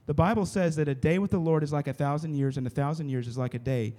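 A man's voice: fairly high pitch, fast, mellow. Conversational male preacher. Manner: conversational, keeps checking in with the listeners. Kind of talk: casual sermon to a youth group. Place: room with a live audience.

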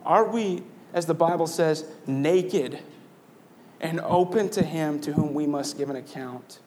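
A man preaches with a slightly raised pitch, earnest and conversational as he talks with his congregation. He keeps asking rhetorical questions to draw his listeners in. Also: unhurried, mellow, a little hiss or hum. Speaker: pastor. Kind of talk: sermon.

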